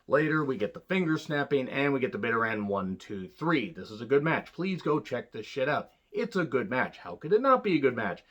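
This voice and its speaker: A man's voice: mid-range voice, big pitch swings, a little fast, few pauses, muffled recording. A man giving a casual, profane wrestling review, blunt and sarcastic, rambling with restarts.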